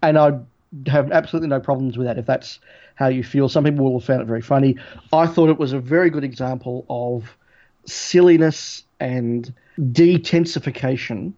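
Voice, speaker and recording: A man's voice: mid-range voice, mellow. Man on a podcast, dull lo-fi sound. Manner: measured, thoughtful. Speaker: podcast co-host. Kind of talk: casual review chat. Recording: dull lo-fi audio.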